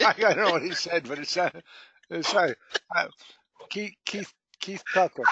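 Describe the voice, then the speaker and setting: Upbeat guy running a sales training call, bright high voice, kinda muffled online audio. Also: measured pace, slightly rough, no room sound. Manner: upbeat, joking, calls on people by name. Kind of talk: live group training call.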